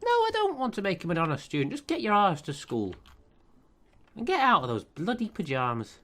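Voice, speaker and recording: A man's voice: fairly high pitch, huge pitch swings, brisk, fairly bright tone, soft background music. Sarcastic man cursing at game characters. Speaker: let's play commentator. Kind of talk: commentating over a life-sim game.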